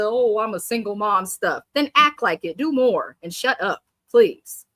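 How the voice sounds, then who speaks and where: With a bright, forceful voice on the high side and no echo, she delivers casual live reaction commentary on a reality TV show. She's blunt and sassy on her stream, reading out viewers' comments and mimicking people from the cast.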